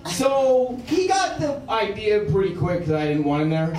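Animated stand-up comedian, high lively voice. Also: male voice, normal speed, heavy background noise. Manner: animated, swings from quiet menace to shouting punchlines. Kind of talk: stand-up storytelling. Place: comedy club stage with audience laughing. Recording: roomy live club recording from far off.

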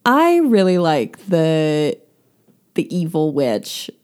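Woman, podcast co-host, casual book chat, deep voice, dark mellow tone, agreeable. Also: very animated, takes it slowly, clear, resonant tone. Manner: agreeable, frequent backchannel responses.

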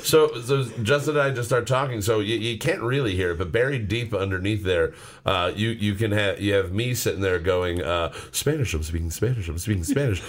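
A man's voice: fairly low pitch, normal speed. A man co-hosting a casual music podcast, talking in a loose, rambling way with plenty of swearing and restarts. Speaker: podcast co-host.

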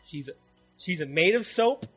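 A man hosting a casual podcast, recapping an anime in an animated, excitable way and swearing constantly. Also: sits high, unhurried, slightly rough, soft background music. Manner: animated, heavily profane, excitable. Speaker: podcast host.

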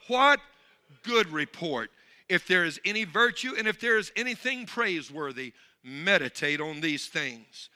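A male pastor preaching a sermon, swinging from low, intimate talk to shouted calls and calling out to the congregation for responses.

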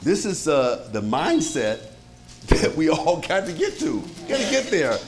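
A pastor preaching to his congregation in a lively, conversational way, with many rhetorical questions and frequent chuckles. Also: on the high side, a little slow. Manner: chuckles often. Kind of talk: sermon.

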